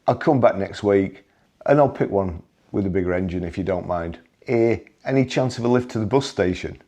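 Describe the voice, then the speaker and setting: A man's voice: fairly low pitch, animated, normal speed, warm tone. A man voicing a brash, cheeky male car thief with a Liverpudlian accent, in a spoken-word story. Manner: brash, cheeky, mock-apologetic.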